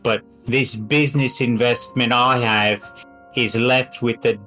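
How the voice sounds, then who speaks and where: A man's voice: mid-range voice, steady tone, unhurried, sharp tone, soft background music. A man playing a murder mystery game in character as an aggrieved business partner, blustering and breaking off to check his notes. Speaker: player. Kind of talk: murder mystery role-play.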